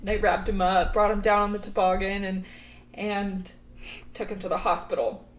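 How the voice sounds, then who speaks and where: A woman co-hosting a podcast, telling family stories in a casual, animated way and laughing often. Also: mid-range voice, normal speed, echoey room, low-quality recording. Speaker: podcast co-host. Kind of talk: casual storytelling.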